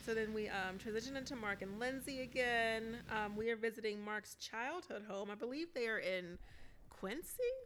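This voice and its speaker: A podcast co-host with a fairly high, slightly bright voice chats casually at a moderate pace while recapping a reality show. She laughs often and fills her speech with "like" and "um." The recording is low quality, with a little hiss or hum.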